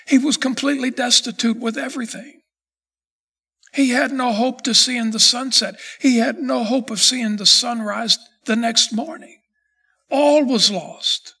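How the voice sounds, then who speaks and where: A man preaching a sermon as pastor, reading scripture slowly and then building in intensity. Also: extremely high pitch, vocal fry, fairly bright tone, breathy edge.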